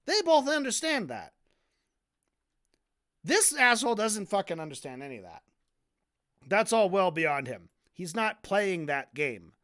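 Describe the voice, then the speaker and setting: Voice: medium pitch, very animated, unhurried, long pauses, fairly bright tone. Profane, heated debate streamer. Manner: stumbles and repeats words. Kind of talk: casual ranting commentary.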